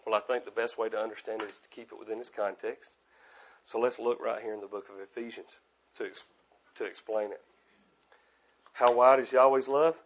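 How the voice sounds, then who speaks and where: A middle-aged man preaching a sermon, earnest and repetitive, moving between loud emphasis and quiet asides. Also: on the low side, fairly even intonation, fairly quick, pauses often.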